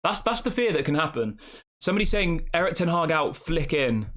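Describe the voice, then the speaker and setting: A man's voice: on the high side, sing-song, brisk, a bit bright. A man hosting a fan channel live stream, rambling casually and reacting to the chat with rhetorical questions.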